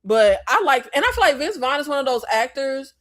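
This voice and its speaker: Hosting a relaxed movie livestream, a woman raised in the American South talks a little fast in a bright, high-set voice. She rambles through her opinions, laughs a lot, and keeps breaking off to apologize.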